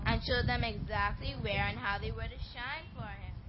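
A woman narrating a church Christmas play in an expressive storybook style. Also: on the high side, normal speed, highs cut off, over a noisy crowd.

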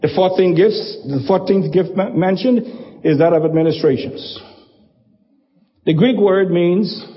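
A man's voice: on the high side, in a large hall, lo-fi sound. A male pastor preaching a sermon, emphatic, driving points home with repetition and rhetorical questions.

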